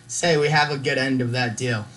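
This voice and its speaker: A young man joking and laughing in a relaxed casual chat with a co-host. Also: medium pitch, normal speed, slight background noise, poor audio.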